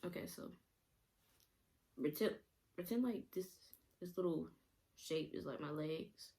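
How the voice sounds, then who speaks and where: A woman's voice: fairly low pitch, measured pace, vocal fry, mellow. A young woman vlogger rambling through a casual storytime, laughing often and using many fillers.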